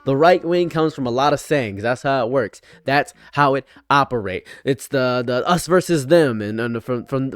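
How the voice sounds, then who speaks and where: A man's voice: medium pitch, animated, moderate pace, few pauses, no room sound. Heated man ranting on camera. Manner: heated, repetitive, swings between loud and quiet. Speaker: online commentator. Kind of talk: unscripted commentary rant.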